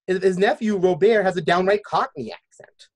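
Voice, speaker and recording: A man's voice: high voice, moderate pace. A man hosting a casual podcast chat, rambling with restarts and jokey side notes. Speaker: podcast host.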